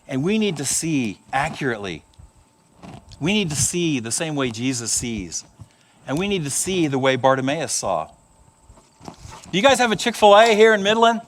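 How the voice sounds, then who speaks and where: Guy preaching outdoors, kinda high voice, acts out little voices of the people in his stories. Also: normal speed, pauses often. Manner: animated storytelling, acts out voices of others. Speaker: pastor. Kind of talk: sermon.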